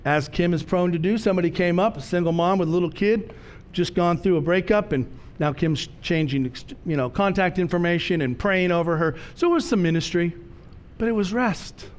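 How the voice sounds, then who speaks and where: A middle-aged man preaching a sermon in a conversational, storytelling way, slowing down to stress key words. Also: high voice. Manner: conversational, storytelling preacher with slow emphatic phrases. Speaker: pastor.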